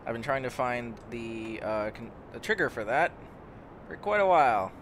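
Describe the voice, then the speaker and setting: A man's voice: medium pitch, expressive, moderate pace, fairly bright tone, slight background noise. A young man casually commenting on his own gameplay, rambling and stumbling over words, easily amazed.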